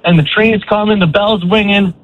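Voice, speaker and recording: A man's voice: high-pitched, steady tone, moderate pace, dry recording. A man calling in to a radio show, nervously retelling a close call. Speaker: caller. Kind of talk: telling a story on the phone. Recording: phone line.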